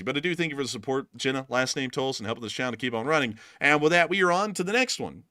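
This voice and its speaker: A man's voice: mid-range voice, animated, fast talker, few pauses, pushed and bright, dry recording, clean studio sound. A male show host giving blunt, heated casual commentary. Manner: heated and blunt, exclaims and laughs. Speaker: host of a war news show. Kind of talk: casual live-stream commentary.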